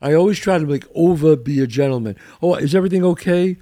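A man's voice: a little high, fast talker. An older man hosting a podcast, chatting casually and telling stories in a streetwise, old-school way, often repeating his words. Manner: animated storyteller, repeats words, street-wise. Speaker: podcast host. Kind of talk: casual chat.

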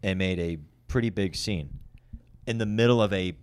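A stand-up comedian telling a heated, profane story in casual chat. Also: male voice, sits low, darkish tone, smooth. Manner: fast, profane, heated retelling.

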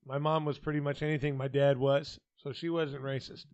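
A man's voice: mid-range voice, little pitch movement, brisk, a little mellow, smooth, no room sound, muffled recording. Blunt older man telling rambling stories. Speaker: podcast host. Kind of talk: casual podcast chat.

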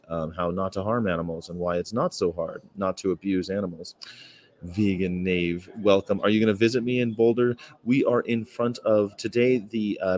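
A man with a somewhat low voice talks casually to his livestream audience from outdoors on a campus. He tells meandering stories, full of fillers and short laughs. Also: darkish tone, slight background noise. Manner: rambling, anecdotal, with frequent fillers and laughs. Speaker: vegan activist livestreamer. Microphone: phone or camera.

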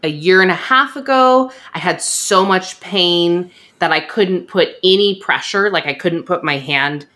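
A young woman hosting a podcast, telling a story in a chatty, animated way and acting out what others said. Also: on the low side, a little slow, few pauses. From USA. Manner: chatty, animated, acts out quoted voices. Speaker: podcast host. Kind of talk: casual storytelling chat.

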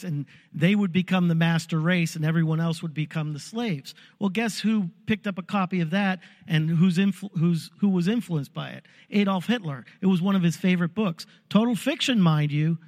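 A man preaching a sermon, telling history as a lively story and acting out crowd cries. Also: high-pitched. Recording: long hall reverb.

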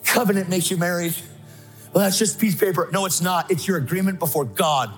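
A man's voice: sits high, brisk, faint music behind. A man preaching an emphatic sermon, telling his own story and acting out voices. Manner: emphatic, excitable, acts out voices. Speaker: guest speaker preaching. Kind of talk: sermon with personal testimony.

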